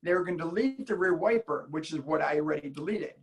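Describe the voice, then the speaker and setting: Man, from Illinois, gravelly voice, slightly high pitch, animated storytelling, casual chat. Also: quick pace, low-quality recording. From Illinois, United States. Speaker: guest car enthusiast.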